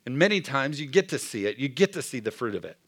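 A man's voice: mid-range voice, very animated, quick pace, husky. A middle-aged man preaching a sermon in a conversational style, often asking the room "Amen?". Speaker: pastor.

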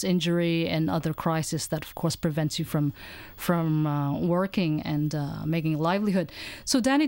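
A woman hosting a radio interview, with measured announcer delivery. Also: on the low side, darkish tone, no room sound. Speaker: radio host.

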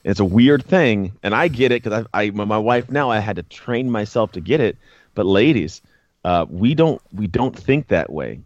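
A man's voice: on the low side, animated, normal speed, no echo, highs cut off. A man guest speaking earnestly in a casual conversation, often repeating words as he thinks. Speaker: guest, former pro football player and author.

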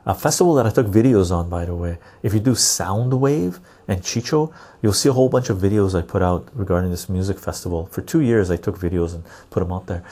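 A man's voice: fairly low pitch, expressive, quick pace, mellow. A man hosting a podcast, chatting casually and reading out viewer comments, rambling and laughing often. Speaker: podcast host.

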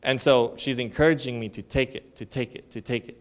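A male church elder giving a conference sermon tells stories casually, with slang and fillers, acting out dialogue in shifting voices for the people involved. His mid-range voice is steady and brisk.

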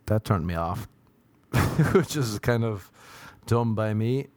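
A man's voice: on the low side, animated, slow pace, a little mellow, no echo. A young man, a comedian, rambling through crude, self-mocking stories in a casual solo podcast monologue.

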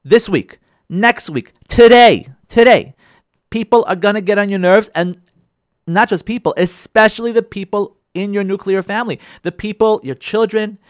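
Animated rabbi a lively, expressive voice. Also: male voice, high-pitched, no room sound, clean studio sound. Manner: animated, repeats phrases for emphasis, acts out listeners' voices. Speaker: rabbi, show host. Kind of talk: lively Torah talk addressed to listeners.

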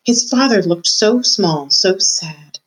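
Student reader, woman, steady storybook narration, mid-range voice. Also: mid-range voice, slow, poor audio. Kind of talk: reading a novel aloud.

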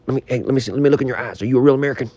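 A man putting on a brash, gruff male pro wrestler who barks at people and calls them brother. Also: mid-range voice, very fast, no room sound, muffled recording, natural voice. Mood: blustery. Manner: shouty, calls everyone brother.

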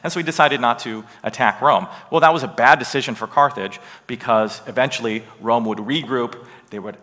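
A man teaching a Bible lesson with slides, emphatic and animated, often checking in with a rhetorical "right?". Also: medium pitch, a little fast, long reverb tail. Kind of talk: lecture with slides.

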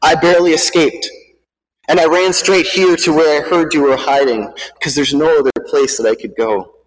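A man's voice: on the high side, fairly even intonation, moderate pace, natural voice. A man voicing a breathless, frightened male priest who urgently reports a massacre, recorded with a long hall reverb. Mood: shaken.

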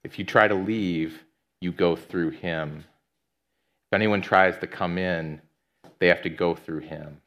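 Deep-voiced man preaching casually. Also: steady tone, unhurried, long pauses, a bit bright. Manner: casual conversational preaching with fillers like "like". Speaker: pastor. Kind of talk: sermon.

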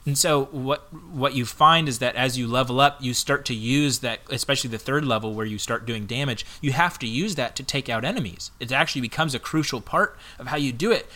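A man co-hosting a casual video game discussion, speaking in an animated, expressive way and laughing easily. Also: medium pitch, a little fast, hardly any pauses.

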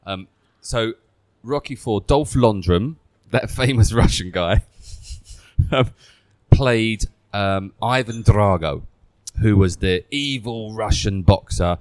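A man's voice: fairly low pitch, slow pace, darkish tone, no echo. A man hosting a podcast, chatting casually and telling stories in a rambling way. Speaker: podcast host. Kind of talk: casual chat.

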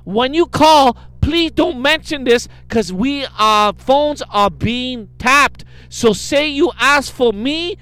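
A man's voice: extremely high pitch, sharp tone, smooth, dry recording, exaggerated voice. A man putting on a scheming woman clerk in broken English. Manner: slow, clipped, choppy phrasing.

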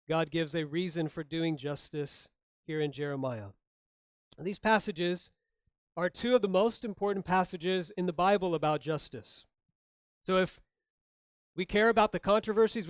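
Middle-aged guy preaching, bit higher voice, asks questions, jokes a little, dry sound. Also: no echo. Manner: conversational preaching with rhetorical questions and humor. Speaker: pastor. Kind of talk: sermon.

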